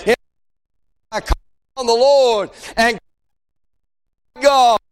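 A man preaching a fiery revival sermon, shouting and chanting in a drawn-out preacher cadence. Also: very high voice.

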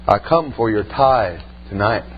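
A man voicing a smirking, threatening stranger who claims to be god of the town, speaking slow and low. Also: animated, muffled recording, a little hiss or hum. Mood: menacing.

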